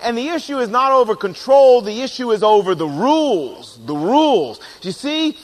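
A man giving a humorous seminar talk on personality types in marriage, animated, acting out quoted voices and chuckling at his own jokes. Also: extremely high pitch, normal speed. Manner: animated storyteller who acts out quoted voices.

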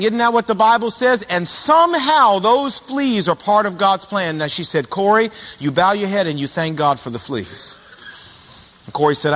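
A man's voice: sits high, fairly bright tone, in a large hall. A middle-aged male pastor telling stories in a sermon, animatedly acting out the voices of the people in them. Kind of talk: sermon storytelling.

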